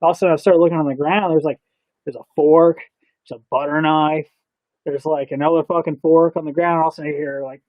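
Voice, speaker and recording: Man, podcast co-host, crude storyteller with a slightly high voice; dry, muffled stream audio. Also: quick pace, dry recording. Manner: laid-back, profane, animated storytelling with sound effects. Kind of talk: casual crude chat.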